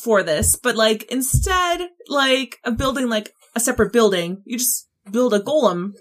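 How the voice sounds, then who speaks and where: Woman co-host, bit higher pitched, gushing and giggly in casual chat. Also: lively intonation, normal speed, fairly bright tone.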